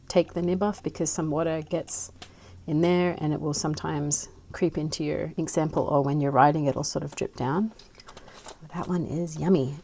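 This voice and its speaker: An Australian woman chatting casually and rambling as she swatches inks, with soft murmured asides. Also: deep voice, a little hiss or hum. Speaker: fountain pen ink vlogger.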